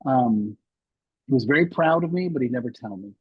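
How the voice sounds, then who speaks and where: Guest, man in his sixties: husky, candid storyteller, dry dull lo-fi sound. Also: medium pitch, lively intonation, a little fast, dry recording. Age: 60s. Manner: rambling, many restarts and fillers. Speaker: podcast guest.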